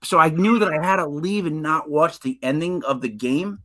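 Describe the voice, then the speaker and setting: A man co-hosting a casual sports podcast, an animated storyteller who acts out what people said. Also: on the high side, normal speed. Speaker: podcast co-host.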